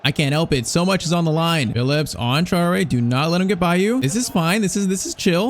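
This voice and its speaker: A young man giving casual, excitable play-by-play of his own football video game, anxious and full of slang. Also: on the high side, brisk, hardly any pauses, slight background noise. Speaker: gaming YouTuber. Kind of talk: casual gameplay commentary.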